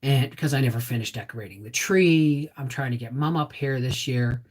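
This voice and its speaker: A woman's voice: very deep voice, moderate pace, darkish tone. A middle-aged woman hosting a casual homestead live stream, chatting with viewers and reading out their names. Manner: chatty, reads out viewer names, gets emotional. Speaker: homestead channel host.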